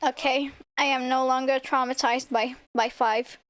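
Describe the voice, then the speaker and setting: Excitable high-voiced woman streamer. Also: normal speed. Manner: excitable, laughing, swearing, playful. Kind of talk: casual game commentary. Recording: faint game music behind.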